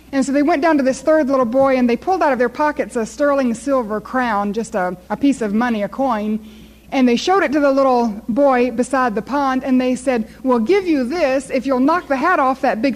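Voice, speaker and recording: Woman preacher, high voice, lively sermon storyteller. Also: low-quality recording.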